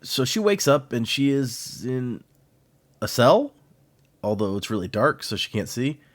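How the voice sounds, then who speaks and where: A man's voice: medium pitch, very animated, a little slow, no room sound. A man co-hosting a podcast, animatedly retelling a book's plot in casual chat and often laughing. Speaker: podcast co-host. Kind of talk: casual book discussion.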